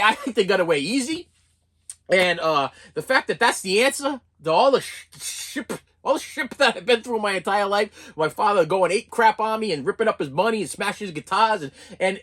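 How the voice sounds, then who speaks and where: A host in their forties rattling off stories at a quick clip, words tumbling over each other with lots of restarts. The voice has a husky, slightly rough edge, and the stories run on in one long animated monologue. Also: mid-range voice. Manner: animated, self-interrupting, laughs at own stories. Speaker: YouTube comedy channel host. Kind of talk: rambling storytelling monologue.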